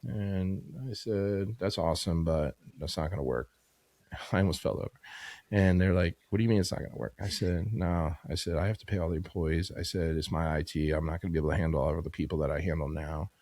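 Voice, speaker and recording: Fast, gravelly-voiced man in his fifties. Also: low-pitched, steady tone, darkish tone, dry recording. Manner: rambling, filler-heavy, \"you know\" and \"like\". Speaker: podcast guest, business owner. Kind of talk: casual storytelling interview.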